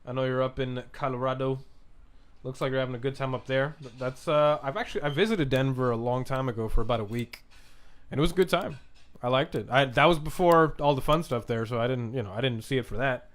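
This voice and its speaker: A man hosting a podcast livestream, reading viewers' chat messages and answering in a rambling, relaxed way with frequent restarts and casual swearing. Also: medium pitch, fast.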